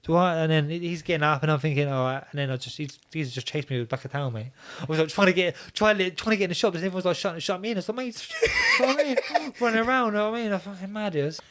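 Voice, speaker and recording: A man telling a fight story in an excitable, slangy way, stumbling over his words. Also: fairly high pitch, very fast, few pauses, a little hiss or hum. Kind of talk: casual storytelling.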